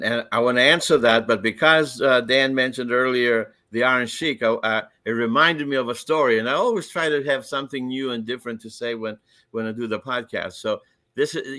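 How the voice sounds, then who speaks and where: Bright-voiced man with a dry sound. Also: medium pitch, a little fast, no room sound. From Greek heritage. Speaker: podcast co-host. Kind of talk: casual storytelling.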